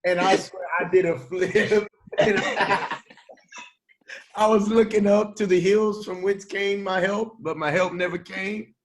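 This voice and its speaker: A man's voice: sits high, steady tone, measured pace, a little hiss or hum. A man telling an easygoing childhood story on a podcast. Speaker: podcast co-host. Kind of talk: casual storytelling chat.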